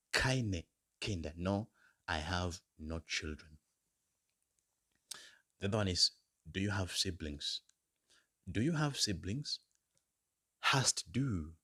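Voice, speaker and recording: A man teaching basic German phrases in a lesson, saying each phrase slowly several times and then giving the English meaning. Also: low-pitched, pushed and bright, breathy edge. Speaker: German language tutor. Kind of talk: slow, repeated language lesson.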